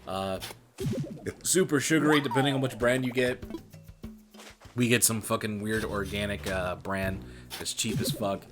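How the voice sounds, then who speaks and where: A man's voice: lowish voice, moderate pace, pauses often, over music. A man streaming and chatting casually, rambling and cursing and calling the listener brother.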